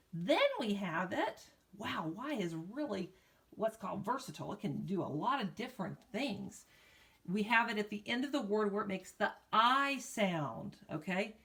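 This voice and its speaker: An elementary teacher with a medium-pitched, slightly bright voice teaches a recorded phonics lesson to young children. She is upbeat and coaxing, asking the kids questions, and the lesson was recorded on a phone.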